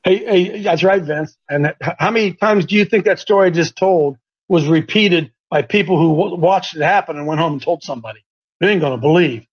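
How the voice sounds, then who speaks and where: A man hosting a faith talk show, telling a story in an animated, stumbling, repetitive way. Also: fairly high pitch, fairly quick, slightly rough, dull audio. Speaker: host.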